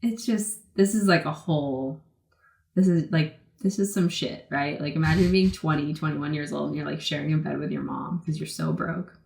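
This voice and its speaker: A woman in her twenties from the Boston area, telling stories in a casual interview, talking fast and loose with lots of "like" and acted-out quotes. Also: low voice, fairly even intonation, creaky, darkish tone, roomy sound. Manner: chatty, many "like" fillers, acts out quotes. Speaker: guest, pro skateboarder.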